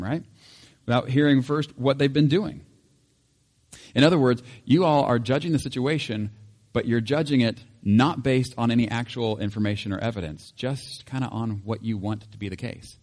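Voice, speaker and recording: A man reading scripture and then teaching in a relaxed, chatty way, laughing now and then. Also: mid-range voice, normal speed, big-room sound. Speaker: pastor.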